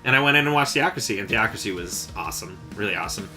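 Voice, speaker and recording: Bright-voiced man in rambling chat. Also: lowish voice, animated, very fast, soft background music. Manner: rambling, jokey, lots of fillers. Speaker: podcast host. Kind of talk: casual chat.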